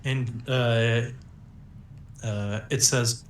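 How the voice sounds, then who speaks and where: A man's voice: mid-range voice, fairly even intonation, drawn-out words, reverberant. A young man narrating a tabletop game as game master, laid-back, with lots of fillers and little chuckles.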